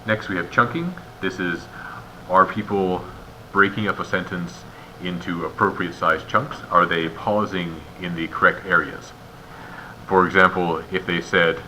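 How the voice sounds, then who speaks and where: A man's voice: low voice, fairly even intonation, normal speed, pushed and bright, slight background noise, poor audio. A man giving a methodical step-by-step walkthrough as an instructor, explaining each point and posing rhetorical questions. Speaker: instructor guiding raters.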